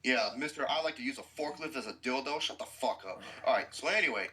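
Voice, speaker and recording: A man's voice: mid-range voice, expressive, fast talker, bright, forceful tone, rough recording. A man hosting a podcast who gives a blunt, profane movie review with explosive outbursts.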